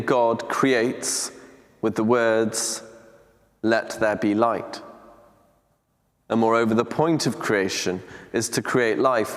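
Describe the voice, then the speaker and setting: Measured preacher man in a reverberant church. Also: mid-range voice. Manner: measured, deliberate delivery with reflective pauses. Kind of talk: teaching talk on scripture.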